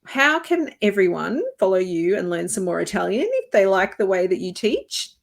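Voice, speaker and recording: Chatty woman host with a gravelly edge. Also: medium pitch, big pitch swings, moderate pace. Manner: chatty, lots of fillers, laughs easily. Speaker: podcast host. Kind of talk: conversational interview.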